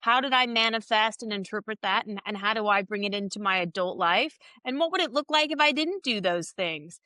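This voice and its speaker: Podcast guest, woman, 30s, bright and forceful, open and emphatic, dry recording. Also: mid-range voice, fairly quick, no echo. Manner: open and emphatic, animated with swearing. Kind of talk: candid interview conversation.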